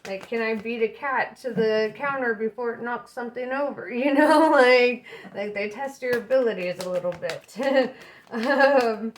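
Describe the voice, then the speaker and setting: A young woman giving a casual tarot reading, chatty and relaxed, with plenty of fillers and frequent laughter. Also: fairly high pitch, a little slow, slight background noise. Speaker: tarot reader.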